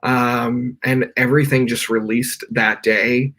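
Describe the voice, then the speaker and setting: In a medium pitch with little movement, a young man talks slowly with a slightly bright tone. He's appearing on a podcast from his bedroom over a remote call, earnestly rambling through a personal story with plenty of "like" fillers during a live interview.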